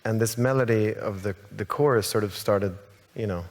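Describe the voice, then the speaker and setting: A man's voice: on the low side, normal speed, a little mellow, big-room sound. A man born in Sweden whose first language is Swedish, a songwriter guest telling a story in a rambling, hesitant way with many restarts. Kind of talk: casual stage interview. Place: large hall on stage.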